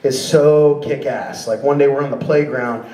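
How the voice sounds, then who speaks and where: A man doing a stand-up comedy set, telling animated, profane stories that burst into shouting. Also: mid-range voice, moderate pace. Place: comedy club stage with a laughing audience. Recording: roomy live club recording from a distance.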